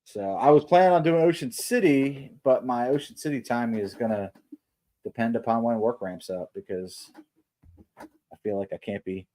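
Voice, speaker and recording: A man's voice: mid-range voice, moderate pace, dark tone. A man co-hosting a casual live stream about motorcycle trips, who answers briefly and laughs easily. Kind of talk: casual chat.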